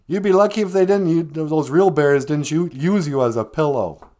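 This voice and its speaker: A man's voice: on the high side, mellow, voice pushed up, close to an everyday voice. A man voicing a sly, bossy male fox who mocks and bluntly talks down to a smaller friend. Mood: mocking. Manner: fast, mocking and blunt, laughs at the other.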